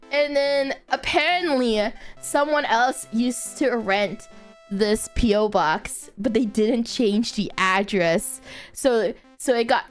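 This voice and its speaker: A woman streamer telling a story in casual chat, her voice sitting high. She takes her time and rambles along with plenty of fillers and sudden laughs. Faint music plays underneath.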